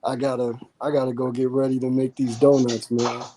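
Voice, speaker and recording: A man speaking as a podcast guest in a relaxed, easygoing way with casual slang. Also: mid-range voice, brisk, noisy background. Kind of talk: casual interview talk.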